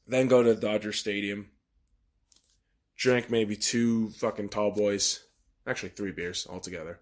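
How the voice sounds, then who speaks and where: A man's voice: fairly low pitch, fairly even intonation, a little slow. A man hosting a podcast, talking in a blunt, profane, ranting monologue. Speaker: podcast host.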